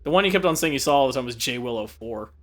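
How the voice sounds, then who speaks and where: A man's voice: mid-range voice, expressive, racing, fairly bright tone. A young man giving casual, joking commentary over gameplay, offering tips and laughing often. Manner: giggly, jokey, gives gameplay tips. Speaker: let's play commentator.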